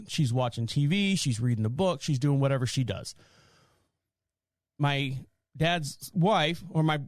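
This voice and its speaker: A man hosts his podcast in a rambling, exasperated monologue, often circling back and restarting his sentences. His voice sits a little high for a man, and it comes across dry and close, with no room sound around it. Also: no room sound. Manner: exasperated storytelling with frequent restarts. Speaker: podcast host.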